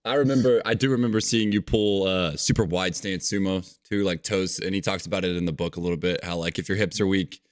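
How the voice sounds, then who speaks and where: A man's voice: low voice, steady tone, brisk, hardly any pauses. A man hosting a podcast, chatting casually and asking eager, incredulous questions. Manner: enthusiastic, incredulous, asks open questions. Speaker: podcast host. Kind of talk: casual interview chat.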